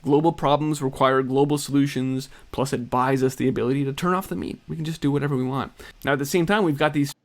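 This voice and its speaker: A man's voice: mid-range voice, steady tone, fast. Man narrating pointed news commentary. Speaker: video narrator.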